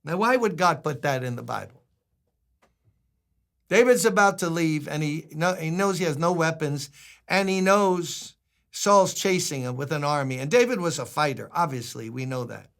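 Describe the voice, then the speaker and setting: A man's voice: a little high, expressive, moderate pace, gravelly, fairly bright tone. An older man preaching a sermon as a pastor, conversational and humorous, acting out quotes.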